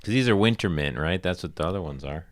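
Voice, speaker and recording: A man's voice: deep voice, lively intonation, fast, no room sound. A man chatting casually as a podcast co-host, giving short, laid-back replies. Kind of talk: casual chat.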